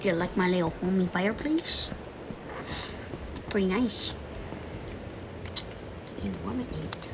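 A woman streamer gives casual let's-play commentary, chatting to herself as she plays and sometimes singing or muttering under her breath. Her voice is fairly low and she takes it slowly. Background music runs under her voice, and there's background noise too.

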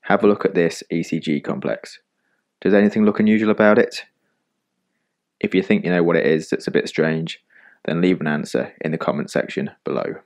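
A man narrating a scripted medical lesson in calm, measured explanations. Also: a bass voice.

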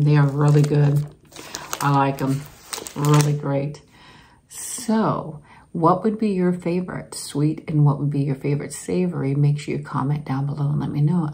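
Woman, deep voice, casual snack vlog, chews while talking, frequent giggles, light background hiss. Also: a little mellow. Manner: chatty, giggly, savoring food aloud while chewing. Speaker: snack taste-test vlogger. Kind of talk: casual taste-test chat to camera.

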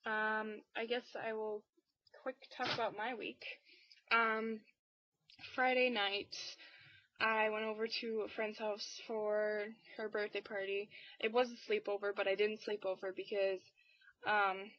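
A teenage girl in a casual weekly vlog, talking in a rambling, low-key way with lots of fillers. She sounds tired and a bit under the weather. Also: little pitch movement, measured pace. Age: teens. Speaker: vlogger. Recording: dull, dry lo-fi webcam audio.

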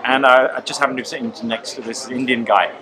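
A man's voice: medium pitch, fairly even intonation, quick pace, crowd noise, low-quality recording. A man chatting casually as interviewer, stumbling and repeating his words as he asks questions. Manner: hesitant, repeats words, laughs often. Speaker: interviewer, comedian. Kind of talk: casual chat.

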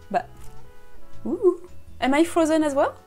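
A French woman with a French accent chatting excitedly to herself during a casual live stream, slipping between English and French. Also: sits high, measured pace, soft background music. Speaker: costume maker streaming live. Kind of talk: casual live-stream chat while unboxing.

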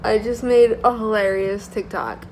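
A woman's voice: medium pitch, steady tone, unhurried, darkish tone, low-quality recording. Young woman rambling thru her day on a vlog, laughy, bit of faint noise behind. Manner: chatty, rambling, laughs often. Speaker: vlogger. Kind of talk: casual daily vlog.

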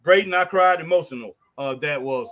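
A man calls out the wrestling he's watching live and reads viewer comments in a loose, chatty way. His voice sits a bit high and sounds bright and forceful. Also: fairly quick. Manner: excitable, exclaims at the action. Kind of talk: casual chat, reading viewer comments.

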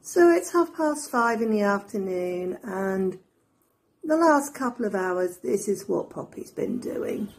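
Woman vlogger, middle-aged, slow husky delivery, sing-song baby talk to her pet. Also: mid-range voice. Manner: coos in excited baby talk to her dog. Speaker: dog owner filming her pet. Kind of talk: casual vlog narration.

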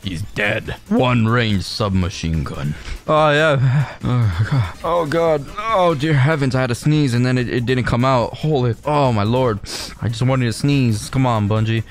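A man commenting casually on his own online match, excitable and jokey, yelping at surprises. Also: mid-range voice, a little slow, slight background noise. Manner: excitable, jokey, laughs often and yelps at surprises. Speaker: gaming channel host.

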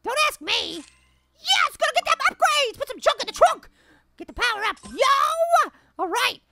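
Little Apple, squeaky hyper cartoon apple. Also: female voice, very animated, unhurried, vocal fry, no room sound, full character voice. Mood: excited. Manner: giddy, laughs often, coins silly catchphrases, shouts at game. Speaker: gameplay commentator. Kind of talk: cartoon gaming commentary. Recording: game music playing behind the voice. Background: game music and sound effects.

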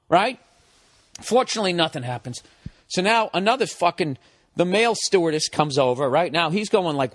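American comedian in his 40s, cursing nonstop, fairly high voice, dry close sound. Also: fairly quick, no room sound. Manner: animated, swearing, exasperated. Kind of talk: profane comic storytelling.

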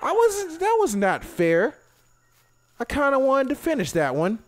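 A young man giving casual let's-play commentary, excitable, swearing often and talking to himself as he plays. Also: extremely high pitch, unhurried, no room sound. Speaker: gaming video host.

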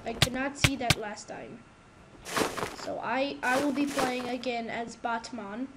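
A high-pitched woman talks through her gameplay at an unhurried pace, excitable and quick to loudly protest when she loses. Her voice comes through a home microphone with a clear background hiss. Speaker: gamer. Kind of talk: casual gameplay commentary. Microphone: new desktop microphone.

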